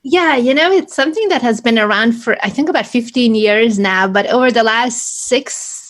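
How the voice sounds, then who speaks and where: A woman publicist answering podcast interview questions in an articulate, measured way. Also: a little high, fairly bright tone. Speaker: publicist guest.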